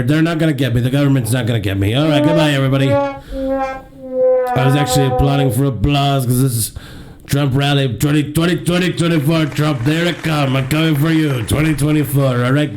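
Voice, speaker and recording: A man's voice: medium pitch, fairly quick, darkish tone, soft background music, close to an everyday voice. A man doing an impression of a boastful, crude politician who insults and taunts his co-host on a comedy podcast. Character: brash bragging male politician impression.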